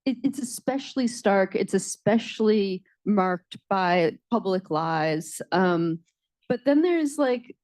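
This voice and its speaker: American woman, reflective writer, mellow warm tone, dry close recording. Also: mid-range voice, lively intonation, slow, no room sound. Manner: reflective, lots of soft backchannel murmurs. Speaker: writer and co-teacher at a panel talk. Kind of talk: casual onstage conversation.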